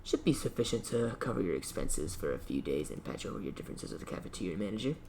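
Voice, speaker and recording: A man voicing a scheming, smooth-talking male union boss in a game let's-play, speaking slowly and in a deliberately reassuring way. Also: sits low, sing-song, darkish tone, a little hiss or hum, full character voice. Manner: slow, oily, deliberately reassuring.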